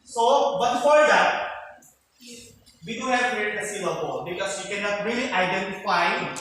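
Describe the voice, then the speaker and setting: A man teaching a classroom lesson. His voice is fairly high and it echoes strongly off the hard walls. He is heard from a distance, with faint room noise behind him. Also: normal speed, a bit bright. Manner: explains patiently, often checks in with the class. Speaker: teacher giving a demonstration lesson. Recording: echoey room, mic far off.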